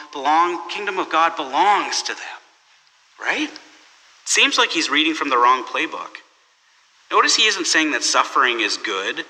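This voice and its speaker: Bright-voiced preacher in a reverberant hall. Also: male voice, medium pitch. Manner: conversational, storytelling, with restarts. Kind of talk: sermon.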